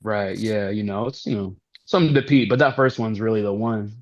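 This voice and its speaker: A man's voice: on the low side, a little fast, no echo, muffled recording. A man co-hosting a podcast in casual chat, easygoing and slangy, reminiscing.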